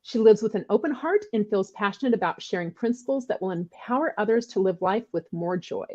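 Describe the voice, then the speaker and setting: A woman's voice: medium pitch, darkish tone, lo-fi sound. A woman hosting a podcast who introduces her guest and chats in a friendly, informal way with loose restarts. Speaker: podcast host. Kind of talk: guest introduction and casual chat.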